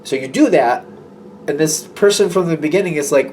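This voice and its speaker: Male tarot reader with a somewhat high voice, chatty and meandering, slight background hiss. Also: moderate pace, darkish tone. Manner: chatty, rambling, acts out imagined dialogue. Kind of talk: casual tarot reading monologue.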